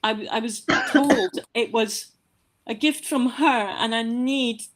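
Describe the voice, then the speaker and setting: A woman from Scotland, a course graduate, speaking heartfelt and halting, repeating words as she talks over a video call. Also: fairly high pitch. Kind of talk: emotional interview.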